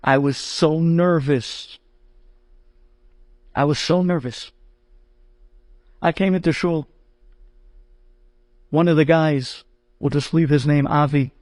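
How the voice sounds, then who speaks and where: A rabbi telling a story dramatically, building to high, excited outbursts. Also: male voice, no room sound. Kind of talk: animated storytelling to an audience.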